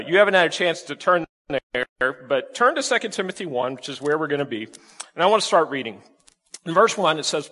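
A man preaching a sermon in a lively, conversational way, asking the congregation rhetorical questions. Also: on the high side, big-room sound. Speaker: pastor.

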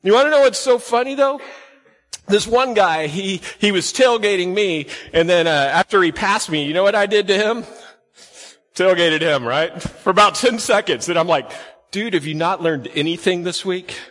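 A pastor preaches to his church in a bright, forceful voice that sits a little high for a man. His sermon is chatty storytelling, full of questions put to the congregation. A long hall reverb trails every phrase. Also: lively intonation, normal speed. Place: church sanctuary.

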